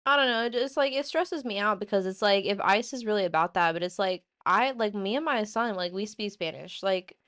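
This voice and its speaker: A woman hosting a casual opinion show, ranting in an animated, blunt way with plenty of swearing. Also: mid-range voice, fairly quick, hardly any pauses. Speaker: host.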